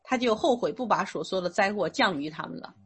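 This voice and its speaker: A woman interpreting a sermon phrase by phrase, steady and rephrasing with small fillers. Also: medium pitch, fast, husky.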